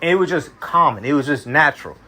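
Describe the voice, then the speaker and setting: A Kentucky man leads a small-group Bible study, talking fast in a fairly high, pushed, bright voice with lively intonation. He's casual and slangy, often checking in with "you see what I'm saying" to make sure everyone's following.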